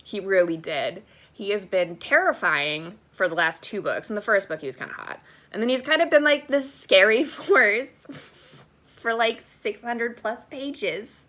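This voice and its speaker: A young adult woman giving a casual, sarcastic book review to camera, animated and full of "like". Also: mid-range voice, unhurried. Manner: animated and sarcastic, heavy use of "like". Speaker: book vlogger.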